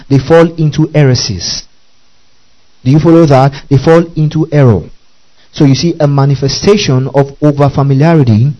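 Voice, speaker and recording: A man preaching a sermon as a pastor, reading scripture slowly and deliberately and checking in with the congregation again and again. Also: fairly high pitch, dark tone. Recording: dull lo-fi recording.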